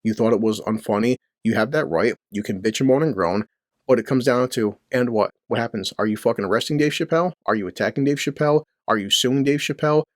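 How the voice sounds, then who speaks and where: A man's voice: mid-range voice, fast, no room sound, studio quality. A middle-aged man hosting his own channel, ranting crudely about the news with rhetorical questions and constant swearing. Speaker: commentary channel host. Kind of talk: profane ranting commentary. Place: home basement near a boiler.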